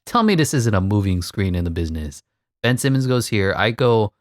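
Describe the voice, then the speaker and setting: A man giving casual, excitable commentary over his own gameplay, laughing at the game and mocking himself. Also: moderate pace, no echo, studio quality. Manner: excitable, voice jumps high when hyped. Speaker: gaming commentator.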